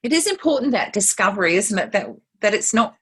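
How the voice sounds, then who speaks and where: A woman co-hosting the event and asking gentle, probing interview questions. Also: medium pitch, big pitch swings, brisk, breathy edge. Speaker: co-host and interviewer.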